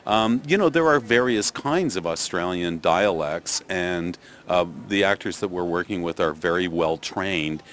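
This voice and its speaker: A man's voice: low-pitched, measured pace, hardly any pauses, fairly bright tone, a little hiss or hum. An older man with a Canadian accent, a theatre director answering interview questions thoughtfully, with many restarts and fillers. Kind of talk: press interview.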